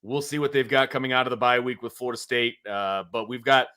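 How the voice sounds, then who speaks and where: A man's voice: mid-range voice, fast talker, sharp tone, smooth. A man co-hosting a casual post-game sports talk show, wrapping up and plugging upcoming episodes. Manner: wraps up and promotes upcoming shows. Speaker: co-host.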